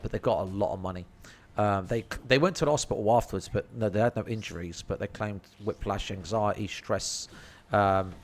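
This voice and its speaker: A man telling a rambling, slang-filled story and swearing freely. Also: on the low side. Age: 30s. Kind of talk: casual storytelling.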